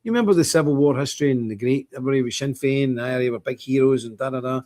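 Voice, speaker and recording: A man with a Northern Irish accent giving rambling, blunt livestream commentary, animated and full of restarts and asides. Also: mid-range voice, rapid-fire. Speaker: livestream host.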